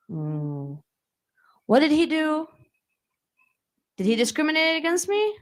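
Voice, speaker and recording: A young woman tells a personal story to a room of listeners. She speaks conversationally and keeps turning to the audience with quick questions to bring them along. Her voice sits in an ordinary middle pitch. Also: very animated. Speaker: guest speaker. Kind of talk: storytelling talk to a live audience. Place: community hall.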